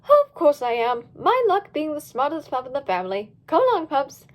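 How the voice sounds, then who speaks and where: A woman's voice: high-pitched, wildly swooping pitch, moderate pace. A woman doing a weary know-it-all boy pup. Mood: weary smug. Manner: weary, self-important. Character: smug, sighing know-it-all male pup.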